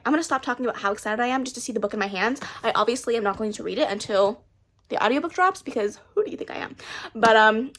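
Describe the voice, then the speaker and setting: Speaking into her camera mic at home, this young book vlogger talks casually and gushes breathlessly. Her pitch runs a little high.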